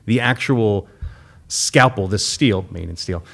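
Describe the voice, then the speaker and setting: A man's voice: lowish voice, unhurried, vocal fry, fairly bright tone. A man hosting a podcast interview, talking casually and with enthusiasm, using a lot of "like". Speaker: podcast host.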